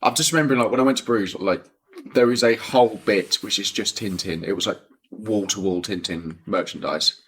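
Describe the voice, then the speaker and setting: A man's voice: lowish voice, fairly quick, slightly rough. A man co-hosting a podcast quiz in casual chat, playful and laughing often. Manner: playful, laughs often, lively swearing banter. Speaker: podcast co-host.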